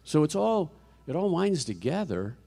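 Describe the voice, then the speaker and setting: A man's voice: on the high side, very animated, normal speed, gravelly, mellow, husky. A middle-aged man preaching a conversational sermon as a guest speaker in a church, with frequent restarts and rhetorical questions to the congregation. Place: church sanctuary.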